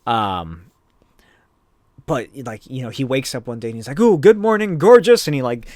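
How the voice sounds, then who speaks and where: A man's voice: mid-range voice, moderate pace, no room sound. A man hosting a podcast, recapping a comic book in a casual, rambling way with lots of filler words. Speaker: podcast host.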